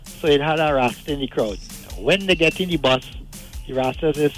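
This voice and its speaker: A man calling in to a radio show and telling a joke in a quick, lively way. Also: on the high side. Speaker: radio caller. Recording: phone call on air with music.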